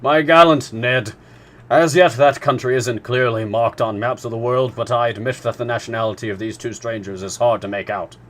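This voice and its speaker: A man's voice: medium pitch, steady tone, normal speed, a bit bright, natural voice. A man reading a novel aloud, voicing a learned professor who speaks emphatically and exclaims. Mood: emphatic.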